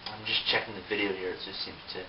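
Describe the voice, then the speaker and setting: A man's voice: fairly low pitch, flat delivery, fast. A man giving a casual, unscripted toy review, rambling with lots of fillers and self-mocking asides. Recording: distant mic, dull sound, faint hiss.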